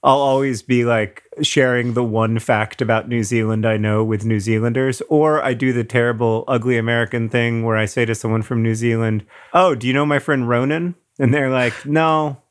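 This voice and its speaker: A man's voice: medium pitch, fairly even intonation, clear, resonant tone. A man co-hosting a podcast, joking in a dry, wry way and reading a listener's letter aloud. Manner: dry, wry humor, deliberate delivery. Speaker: podcast co-host.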